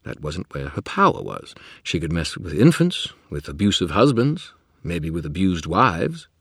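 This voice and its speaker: A man's voice: sits low, sing-song, a little slow, fairly bright tone, slightly rough, no echo, studio quality, exaggerated voice. A man reading an audiobook and voicing a chatty, know-it-all male spirit who rambles and wisecracks. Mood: lecturing. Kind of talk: audiobook character voice.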